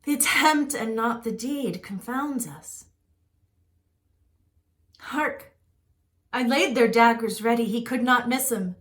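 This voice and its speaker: A woman's voice: a little high, slow pace, long pauses, fairly bright tone. A woman as tense, scheming Lady Macbeth. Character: Lady Macbeth, bold scheming noblewoman awaiting a murder. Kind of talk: amateur home-recorded Shakespeare reading.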